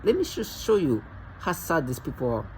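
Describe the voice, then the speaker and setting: A man's voice: fairly high pitch, sing-song, normal speed, darkish tone, a little hiss or hum, poor audio. A man vlogging alone in a rambling, agitated and mocking rant, often stumbling and restarting his sentences. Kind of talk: rambling monologue to camera.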